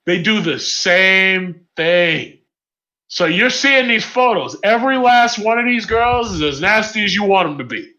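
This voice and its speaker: A man's voice: sits high, expressive, moderate pace, few pauses, pushed and bright. A man in a casual group voice chat, talking bluntly and emphatically and repeating his points. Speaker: voice chat participant. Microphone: online voice chat mic. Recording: muffled lo-fi voice chat audio.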